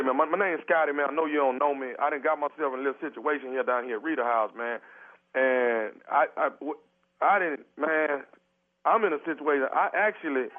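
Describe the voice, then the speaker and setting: A man's voice: fairly high pitch, natural voice. A man playing a stranded man stuck numb on a toilet in a prank phone call, pleading and calling everyone "man" and "dog". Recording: tinny phone line.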